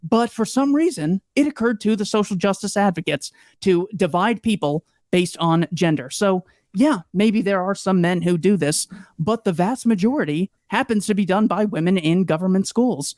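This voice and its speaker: A man appearing as a podcast guest, arguing a political point in a brisk, emphatic way. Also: high-pitched, animated, darkish tone, no echo, studio quality. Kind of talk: political discussion.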